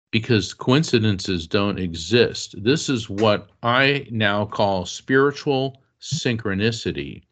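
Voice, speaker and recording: A man's voice: mid-range voice, fairly bright tone. A man, a psychic medium and author, telling a personal story as an interview guest, earnest and emotional, acting out the lines of people in his story. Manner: earnest, emotional storyteller who acts out quotes.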